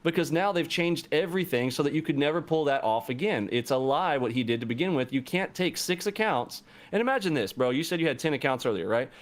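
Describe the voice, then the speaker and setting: Male co-host, fairly high voice, animated and profane casual chat. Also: quick pace, few pauses. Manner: animated, profane, swings into high-pitched outbursts.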